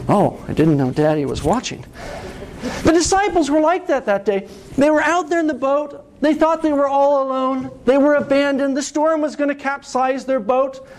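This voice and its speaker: A middle-aged man preaching a sermon, telling a story with lively rises and falls and often asking "right?". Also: very high-pitched, moderate pace, a little hiss or hum. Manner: animated storytelling, asks "right?".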